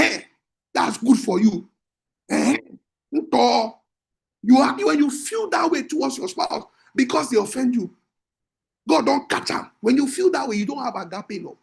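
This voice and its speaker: A man, a marriage coach teaching in an emphatic, repetitive preaching style that breaks into shouts. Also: extremely high pitch, creaky.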